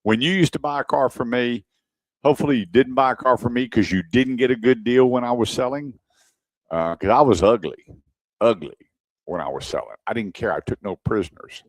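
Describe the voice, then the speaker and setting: A man's voice: medium pitch, brisk, no echo. A man hosting a car radio show, telling a story in casual chat and acting out the dialogue. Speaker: radio show host, former car salesman.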